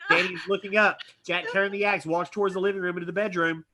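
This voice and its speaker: A man reading stage directions aloud at a live script reading, animated and tossing in asides. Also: sits high, quick pace. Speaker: script reader.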